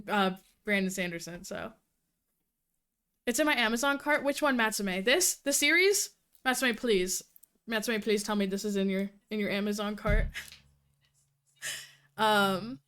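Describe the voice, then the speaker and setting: A woman livestreaming casual chat with her viewers, talking fast and cursing freely, a little out of breath. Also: fairly high pitch, a bit bright, clear, resonant tone. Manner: fast-talking, profane, giggly. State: slightly out of breath. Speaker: livestreamer reviewing books.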